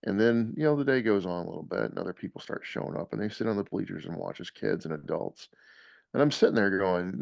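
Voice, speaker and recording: A man telling a lively story in casual podcast chat, laughing often. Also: deep voice, fast, creaky, no room sound. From American South.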